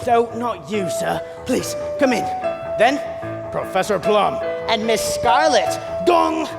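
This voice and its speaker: A man playing a theatrical butler who narrates in a school stage play, telling the story with dramatic, animated energy. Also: high voice, takes it slowly, creaky, full character voice. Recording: long hall reverb with loud music.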